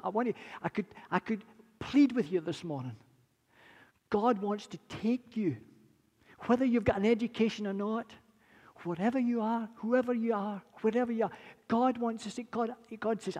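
A man in his sixties preaching a sermon, earnest and repetitive, rising from quiet to impassioned. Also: high voice, moderate pace. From Britain. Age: 60s. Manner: earnest, building from quiet to impassioned, repeats phrases. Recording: long reverb of a large hall.

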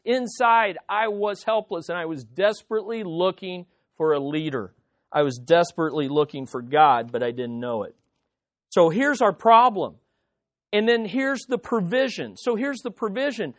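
A pastor preaching a sermon with dramatic emphasis, asking the congregation rhetorical questions and calling for amens. They swing between loud, pressing lines and soft, hushed ones. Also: medium pitch.

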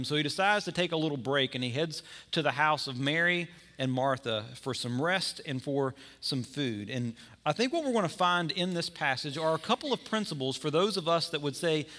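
A man's voice: fairly high pitch, expressive, moderate pace, pushed and bright. A man preaching a sermon in a conversational way, now and then acting out the people in his story. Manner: conversational preaching with acted-out scenes. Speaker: pastor.

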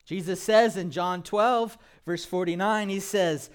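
A man's voice: sits high, measured pace, hardly any pauses, clear, resonant tone. A man preaching a sermon as pastor, prompting the congregation to repeat after him and slipping in light jokes. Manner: animated preaching with call-and-response prompts; light humor, laughs at his own jokes.

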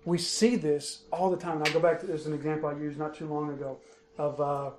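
A man's voice: fairly high pitch, flat delivery, fairly quick, noisy background. A man preaching an expository sermon, emphatic and driving home key points by repeating them. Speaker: pastor.

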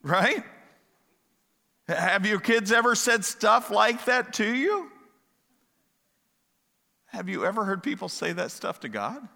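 A man's voice: high-pitched, big pitch swings, slow, vocal fry, long pauses, sharp tone. A man preaching a sermon in a conversational way, asking his listeners questions and wandering into digressions. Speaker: pastor. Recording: long hall reverb.

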